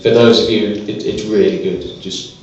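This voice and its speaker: A man performing a stand-up comedy set on a small club stage, delivering deadpan one-liners with hesitant fillers. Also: lowish voice, moderate pace, a little hiss or hum. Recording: echoey, distant, dull live club recording.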